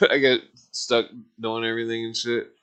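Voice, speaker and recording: A man's voice: mid-range voice, level tone, moderate pace, a bit bright, clear, resonant tone. A man in his forties talks off the cuff on a livestream in an ordinary mid-range voice. He rambles and swears freely, laughing at his own jokes as he wanders between complaints. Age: 40s. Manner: rambling, profane, laughs often. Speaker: streamer. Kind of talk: casual livestream rant.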